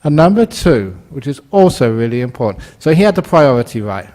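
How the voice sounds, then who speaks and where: A British man in his sixties, a Buddhist monk giving a dharma talk, an animated storyteller who acts out the voices and laughs at his own jokes. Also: mid-range voice, fairly quick.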